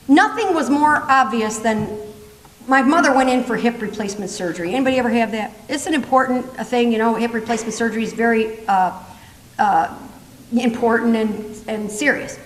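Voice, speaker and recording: High-voiced woman speaker in an echoing hall. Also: brisk. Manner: lively, laughing, chatty. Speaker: motivational humor speaker. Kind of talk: comedic storytelling talk. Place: large conference hall. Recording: long reverb in a conference hall.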